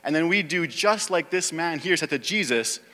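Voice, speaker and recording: Bright-voiced preacher man in reverberant hall. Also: on the high side, expressive, normal speed. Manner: reads scripture then preaches, growing more emphatic. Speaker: pastor. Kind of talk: sermon.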